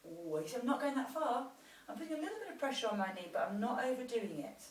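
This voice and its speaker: A woman's voice: on the high side, sing-song, quick pace, recorded from a distance. A woman fitness instructor guiding a post-run stretching routine, demonstrating each stretch as she encourages the viewer. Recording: roomy sound from off-mic with faint noise.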